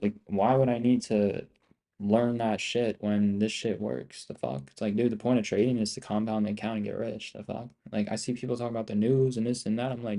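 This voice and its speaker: A man's voice: fairly low pitch, fairly quick, dark tone. A young man live-streaming his trading, talking casually to his chat in a rambling, profane, boastful and repetitive way. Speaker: live-streaming options trader.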